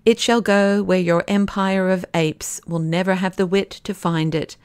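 A woman's voice: mid-range voice, fairly even intonation, moderate pace, clear, resonant tone, no echo, natural voice. A woman voicing a fierce young male poet-detective in an audiobook, declaiming with passion. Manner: declaiming, impassioned.

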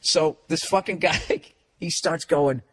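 Brief: comedian in a mocking, cursing rant, fairly high voice, lively delivery. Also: male voice, takes it slowly, slightly rough. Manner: animated, swearing constantly, mocking. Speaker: comedian and podcast host. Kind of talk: profane comic storytelling rant.

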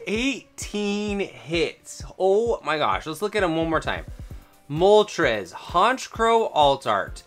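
A channel host giving excited unboxing commentary, gasping out exclamations and rattling off quick counts, the voice a little strained from excitement. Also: mid-range voice. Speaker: card-opening channel host.

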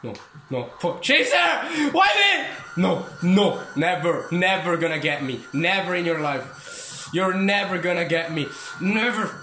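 A man giving excitable, swearing commentary over a horror game. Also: fairly high pitch, measured pace, reverberant, slight background noise. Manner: excitable, swearing, yelps and laughs. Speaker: gaming streamer. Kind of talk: casual gameplay commentary.

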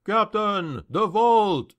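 Man voicing a young guard, alarmed, shouting, high-pitched, fantasy audiobook. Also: animated, takes it slowly, highs cut off. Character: panicked young male guard.

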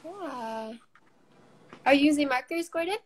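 A woman's voice: high-pitched, expressive, a little slow, slight background noise. A young adult woman hosting a live painting session, upbeat and encouraging, chatting casually as she paints. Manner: encouraging, upbeat, laughs often. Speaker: live-stream painting host. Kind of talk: casual chat while painting.

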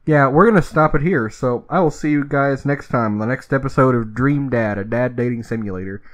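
A man's voice: mid-range voice, brisk, rough recording. A man hosting a let's-play, talking in a casual, offhand way. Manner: casual, offhand, self-deprecating. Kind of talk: casual game commentary.

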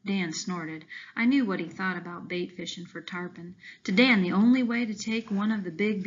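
A woman teacher reading a children's novel aloud to her class, expressive and voicing the characters lightly. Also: fairly low pitch, dull audio.

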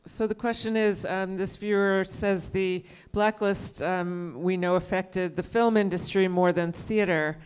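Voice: medium pitch, fairly even intonation, unhurried, few pauses, clean tone. A moderator hosting an audience Q&A, politely reading out questions.

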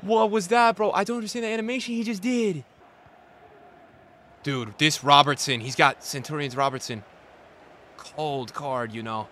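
A man streaming a football video game, talking to his chat in slangy, repetitive commentary that jumps from shouting at the referee to low muttering. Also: normal speed, long pauses. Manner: swings between shouted outbursts and low muttering; slangy, repeats himself. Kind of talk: live gameplay commentary.

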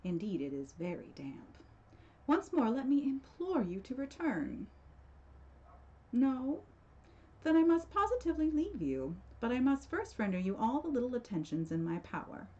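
A woman's voice: high-pitched, very animated, moderate pace, mellow, pitched above the performer's own voice. A woman voicing a cold, vengeful Italian nobleman with silky, falsely solicitous speech, in a dramatic reading of a horror tale. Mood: mock concern. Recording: dull lo-fi recording.

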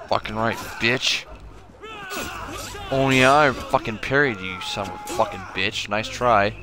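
A drunk man streaming a game, talking slowly and irritably, swearing all the time as he comments on play. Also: fairly low pitch, music in the background. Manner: slow, slurred, irritable, swearing constantly. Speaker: gaming streamer. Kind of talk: profane drunk gameplay commentary.

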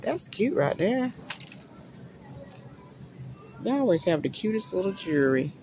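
Very animated and talking a little fast, a middle-aged vlogger with a mid-range voice walks a large store, chatting to viewers and weighing what to pick up. Background noise and store ambience come through.

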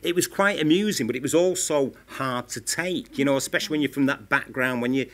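A Northern English man in his fifties speaks from a stage at a live Q&A, his Manchester vowels plain in every phrase. He talks in a candid, tumbling stream, piling up stories and leaning on "you know" as he goes. His voice sits at an everyday middle pitch. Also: a bit bright. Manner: rapid, repeats 'you know' often, restarts. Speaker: former TV presenter, panel guest. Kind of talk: candid anecdotal talk at a live Q&A. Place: stage at a live film-institute Q&A event.

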